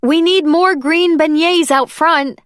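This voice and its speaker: Woman doing a cheerful young helper, pitched up high, eager. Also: wildly swooping pitch, moderate pace, fairly bright tone, slightly rough, dry recording, clean studio sound, exaggerated voice.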